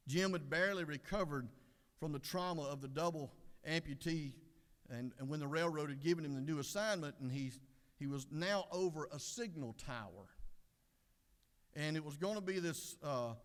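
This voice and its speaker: A middle-aged man giving a folksy devotional sermon, unhurried with many fillers. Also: on the high side. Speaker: devotional speaker. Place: legislative chamber. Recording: echoey chamber.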